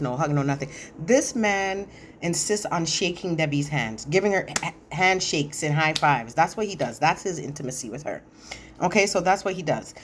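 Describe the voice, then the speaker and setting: A woman's voice: sits low, a little hiss or hum. A woman giving casual, chatty recap commentary on a reality show, sassy and opinionated, with lots of fillers.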